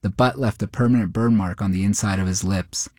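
A man narrating a short story in a steady, measured way. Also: on the low side, no echo, studio quality.

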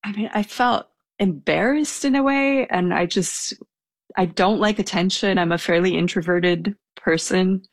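A woman's voice: mid-range voice, measured pace, no room sound. A young woman telling a personal anecdote in a casual, hesitant way, with small laughs. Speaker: storyteller guest.

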